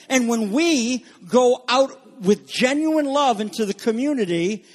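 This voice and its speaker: High-voiced preacher giving an urgent sermon. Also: male voice. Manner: emphatic, swinging between loud urgent warnings and low quiet passages; repeats phrases for emphasis and asks the audience questions.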